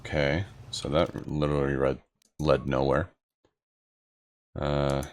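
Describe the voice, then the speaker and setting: Very deep-voiced man gaming. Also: takes it slowly. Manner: relaxed, joking asides, mumbled. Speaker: gaming channel host. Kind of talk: casual gameplay commentary. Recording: commentary over faint game music.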